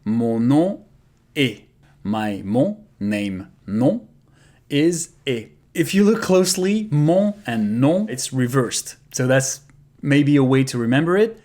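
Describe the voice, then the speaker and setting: Quebecois guy teaching basics, says each phrase over and over real slow. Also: mid-range voice, a little mellow. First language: French. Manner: slow, careful repetition of example phrases. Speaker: French teacher. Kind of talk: casual language lesson.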